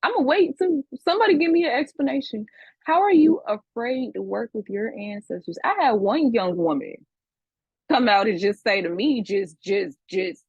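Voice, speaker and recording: A woman's voice: on the high side, animated, moderate pace, husky, dry recording, muffled recording. A woman teaching a class, scolding her students with profanity and repeating herself for emphasis. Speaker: spiritual teacher. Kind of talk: livestream class lecture.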